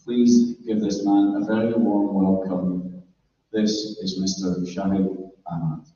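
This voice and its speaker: A man's voice: lowish voice, little pitch movement, slow. A man hosting an event, introducing a speaker by running through a long list of credits. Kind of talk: reading out an introduction. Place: large echoey event room. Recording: echoey, muffled, distant with faint noise.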